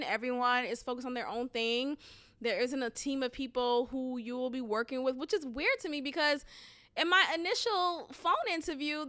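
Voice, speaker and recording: The high, smooth, bright voice belongs to a woman in her thirties hosting a podcast, her tone forceful. Addressing listeners as "y'all," she tells a story in a candid, rambling way with plenty of restarts.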